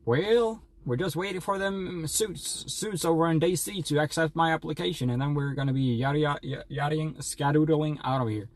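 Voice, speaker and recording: A man's voice: on the high side, brisk, hardly any pauses, dry recording, lightly acted. A man putting on the voice of a folksy old male Western miner, drawling and rambling.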